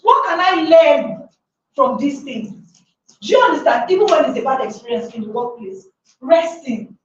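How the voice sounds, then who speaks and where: A woman's voice: high voice, big pitch swings, normal speed, noisy background. A woman giving a motivational workshop talk to a live audience, emphatic and full of rhetorical questions. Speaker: workshop speaker. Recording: echoey room from far off, dull sound.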